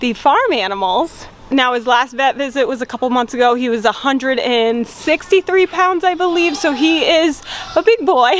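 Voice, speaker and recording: A woman's voice: high voice, background noise. A woman from Rhode Island chatting casually as a farm vlogger, cheerful and laughing often between sentences, outdoors on her farm. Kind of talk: casual vlog chat.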